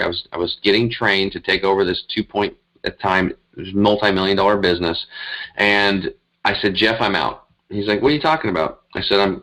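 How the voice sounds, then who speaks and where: A man, a guest on an interview show, telling his story casually in a rambling, animated way. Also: fairly low pitch, poor audio. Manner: animated, rambling, emphatic retelling. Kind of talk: conversational storytelling.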